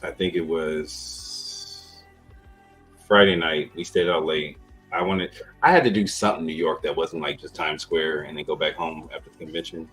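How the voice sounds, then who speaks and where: Very low male voice, laid-back podcast host, rambling profane storytelling. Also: steady tone, moderate pace, fairly bright tone, soft background music, poor audio. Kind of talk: casual storytelling.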